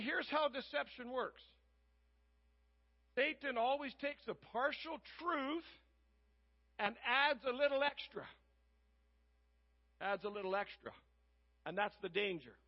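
A man preaching a sermon, retelling a Bible story and acting out the characters in lively voices. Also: extremely high pitch, breathy edge, highs cut off. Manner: animated, acts out characters in different voices.

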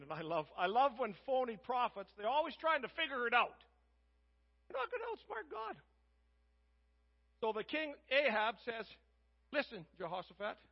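A man preaching a sermon, retelling a Bible story and acting out the characters in lively voices. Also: high voice, husky, highs cut off. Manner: animated, acts out characters in different voices.

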